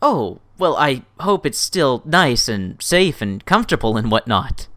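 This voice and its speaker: An enthusiastic woman hosts a casual interview, gushing over her guest and tripping over repeated words. Her pitch swoops and bounces, and the recording is dry and close with no room sound. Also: very animated, measured pace, fairly bright tone, no echo. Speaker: show host and interviewer.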